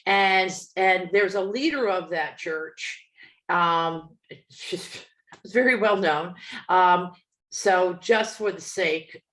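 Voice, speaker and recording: A woman with a New Jersey accent, co-hosting a podcast, telling a story in a lively way, acting out the people in it and laughing often. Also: on the low side, reverberant. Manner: animated, acts out quoted people, laughs often. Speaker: podcast co-host, medium. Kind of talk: casual storytelling chat.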